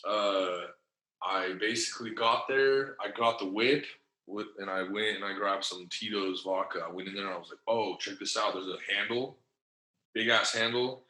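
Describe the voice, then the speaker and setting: Male guest, low-ish voice, loose profane storyteller, roomy echo. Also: fairly even intonation, normal speed, bright, forceful tone. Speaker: podcast guest, former wrestler. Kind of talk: casual storytelling. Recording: echoey room.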